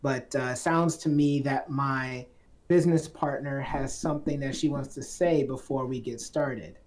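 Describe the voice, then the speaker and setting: A woman's voice: very deep voice, measured pace, darkish tone. A woman from Atlanta, hosting a casual film discussion podcast in a playful, chatty way. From Atlanta, Georgia. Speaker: podcast host.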